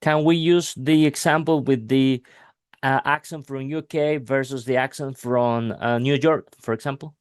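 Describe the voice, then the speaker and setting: A man of middle pitch, teaching English in an unhurried, hesitant way full of fillers. He speaks slowly and deliberately, working through examples. The recording is dry and close. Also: fairly even intonation, smooth, dry recording. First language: Spanish. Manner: hesitant, many fillers, slow deliberate phrasing. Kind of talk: casual language lesson.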